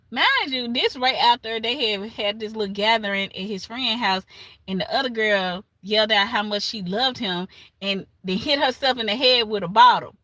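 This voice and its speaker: Bright-voiced woman retelling a story. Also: a little high, normal speed, dry recording. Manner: animated retelling with laughs and asides. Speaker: livestream host. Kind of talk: casual storytelling recap.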